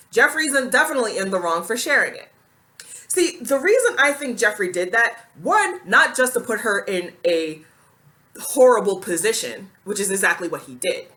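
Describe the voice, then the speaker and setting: A woman's voice: mid-range voice, sharp tone. A woman talking straight to camera in a commentary vlog, blunt and indignant, with plenty of casual slang. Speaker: commentary vlogger.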